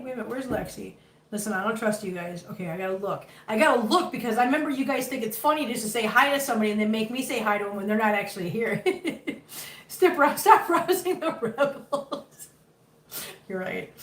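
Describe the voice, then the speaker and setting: A chatty woman in her fifties talks casually to her livestream viewers, her voice a little high. She sits back from the mic, so the room rings around her and a faint hiss lies underneath. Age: 50s. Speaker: livestream host. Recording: roomy, picked up from a distance, faint noise.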